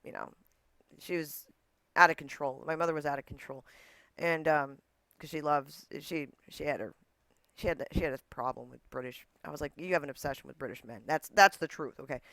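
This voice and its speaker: Animated male guest, higher smooth voice, laughs a lot, dry close mic. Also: brisk, no room sound. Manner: animated storyteller who laughs often and acts out quotes. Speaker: interview guest. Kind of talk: casual interview chat.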